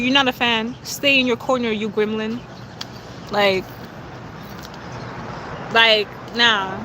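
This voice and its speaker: A woman with a high voice chats on a phone livestream, boastful and sassy, with a laugh never far off. She is recorded outdoors near traffic, and the street noise comes through clearly. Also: fairly even intonation, normal speed, pauses often. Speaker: livestreaming influencer. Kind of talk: casual livestream chat.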